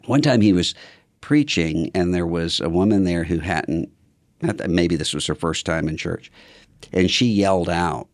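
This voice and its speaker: An older man, a podcast guest, telling stories in a thoughtful, measured way. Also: deep voice, no echo. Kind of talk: casual conversation.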